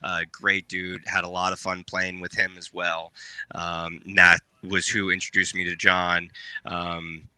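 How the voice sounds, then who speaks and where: Brief: low, bright, crisp male podcast guest, rambling and filler-heavy, dry close sound. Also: monotone, unhurried, no echo. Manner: rambling, lots of "um" and shout-outs. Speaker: podcast guest, paintball player. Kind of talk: casual podcast chat.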